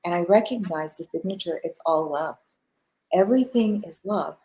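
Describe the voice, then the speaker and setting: A woman's voice: on the low side, normal speed, poor audio. A middle-aged woman, a spiritual teacher and guest, telling personal stories in a live interview, acting out the dialogue and laughing often. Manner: animated storyteller who acts out quoted dialogue and laughs often.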